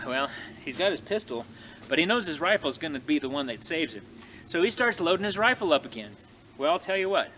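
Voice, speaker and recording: A man telling a frontier tale in a folksy, animated way, speaking to his audience outdoors in snowy woods. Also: sits high, slight background noise. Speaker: living history storyteller. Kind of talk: folksy oral storytelling.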